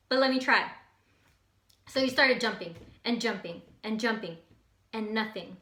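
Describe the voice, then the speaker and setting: Energetic high-voiced woman motivating viewers. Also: unhurried, pauses often. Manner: energetic, emphatic, repeats for emphasis. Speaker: motivational host. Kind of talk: casual motivational talk. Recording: echoey room.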